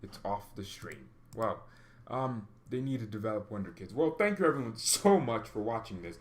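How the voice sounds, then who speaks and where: A man hosting a football livestream, chatting casually and rambling with excited exclamations, coughing now and then. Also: lowish voice, normal speed. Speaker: football channel host.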